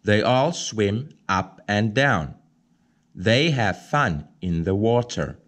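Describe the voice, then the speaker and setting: A man reading a children's picture book aloud, slow, clear and expressive. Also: fairly low pitch. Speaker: storybook reader.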